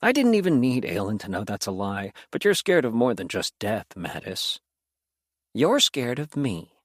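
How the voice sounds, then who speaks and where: A man's voice: on the low side, very animated, moderate pace, slightly rough, dry recording, studio quality. A man voicing a smug male demon mercenary who taunts with amusement. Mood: mocking.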